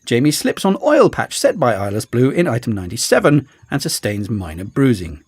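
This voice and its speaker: A man's voice: very animated, brisk, husky. A man voicing a pompous, theatrical male villain who declaims and snaps with sarcasm. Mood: exasperated. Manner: declaiming, shrill and exasperated.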